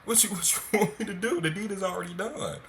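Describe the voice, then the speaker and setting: A man's voice: high-pitched, fast, a bit bright, a little hiss or hum. A man hosting a podcast, reacting in a laid-back, joking, slightly unsure way. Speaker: host. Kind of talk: casual podcast chat.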